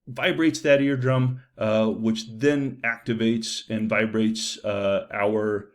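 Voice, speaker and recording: Chatty male lecturer, low voice. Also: fairly even intonation, slow pace. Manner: loose and conversational, many fillers and "right?" checks. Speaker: psychology lecturer. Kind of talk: recorded university lecture.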